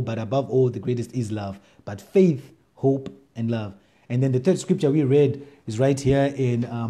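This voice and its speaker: Guy preaching online, really dark mellow voice, excited, reads scripture with lots of emphasis. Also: medium pitch. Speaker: pastor. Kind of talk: online sermon. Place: at home during lockdown.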